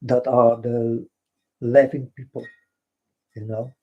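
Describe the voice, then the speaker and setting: Dutch-accented man, flat slow preacher-like vlogger, husky, dull lo-fi sound, repeats himself. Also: mid-range voice. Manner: repetitive, keeps addressing his folks, broken English. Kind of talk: rambling spiritual monologue. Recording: dull lo-fi recording.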